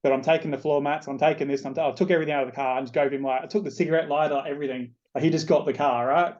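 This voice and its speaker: A man's voice: fairly high pitch, fairly even intonation, rapid-fire, darkish tone, lo-fi sound. A man with an Australian accent hosting a podcast, telling a casual story with plenty of swearing. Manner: chatty, loose, swears freely. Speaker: podcast host.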